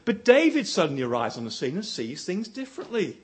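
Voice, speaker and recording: Speaking fairly quickly with huge swings in pitch, a man delivers an animated story as part of a sermon. Quoted lines send his voice up, while key points bring it down low for emphasis.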